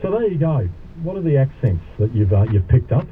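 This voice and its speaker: A man's voice: mid-range voice, big pitch swings, a little fast. A man hosting talk radio, casual and matey, chatting with callers. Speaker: radio host. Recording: tinny radio broadcast with faint noise.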